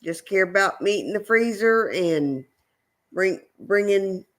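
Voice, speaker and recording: Slow-talking woman hosting a livestream. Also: mid-range voice, expressive. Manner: slow, easygoing, many fillers. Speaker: homestead channel co-host. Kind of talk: casual livestream chat.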